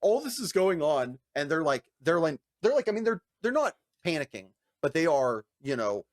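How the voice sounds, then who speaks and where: A podcast co-host, male, tells a long story in casual chat, swearing, laughing, and imitating people in high-pitched voices. He's animated and profane, speaking at a normal pace. The recording is clean studio sound with no room sound.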